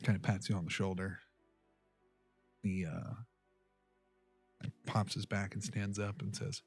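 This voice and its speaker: A man narrating a tabletop game as game master, relaxed and descriptive. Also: on the low side, unhurried, long pauses, breathy edge, no room sound, faint music behind.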